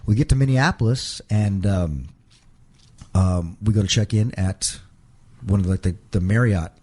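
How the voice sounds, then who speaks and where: A man's voice: lowish voice, a little slow, mellow, slightly rough. A man, a professional wrestler, telling a long story in a casual interview, rambling and acting out the voices of the people he quotes.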